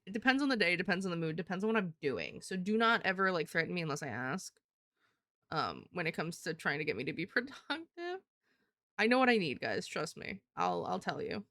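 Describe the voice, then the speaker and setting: A woman's voice: fairly low pitch, very animated, fairly quick, bright, forceful tone, no echo. A young adult woman live streamer chatting casually to her viewers, rambling and swearing, with lots of "like" fillers. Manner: rambling, profane, heavy use of "like".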